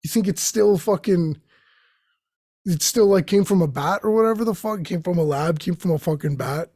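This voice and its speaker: High-pitched and slightly husky, a young male host delivers a profane, wandering comedy bit full of tangents and quick impressions of quoted voices. The tone is dark, and the close-mic recording is dry.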